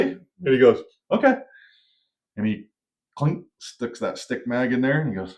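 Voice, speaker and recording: This mid-range male voice runs a little fast. Co-hosting a podcast, he tells a long, casual story with animation and acts out the voices of its characters.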